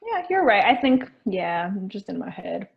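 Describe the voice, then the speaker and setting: A woman in her twenties co-hosting a podcast, agreeable and quick to laugh, often second-guessing herself. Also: medium pitch, big pitch swings, vocal fry. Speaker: podcast co-host. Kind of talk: casual chat. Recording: slightly dull lo-fi audio.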